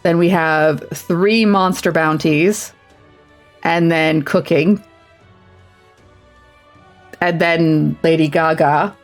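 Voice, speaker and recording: A woman's voice: sits low, fairly even intonation, very slow, pauses often. Woman streamer, casual game commentary, chatty, self-deprecating, faint background music. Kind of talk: casual let's-play commentary.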